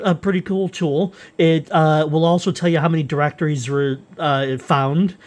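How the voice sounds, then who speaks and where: A man walking through software tools he wrote, unscripted and halting, with frequent fillers and restarts. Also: on the high side. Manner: rambling, halting, with many uhs and restarts. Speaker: software developer presenting his utilities. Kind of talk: unscripted screen-recorded software walkthrough.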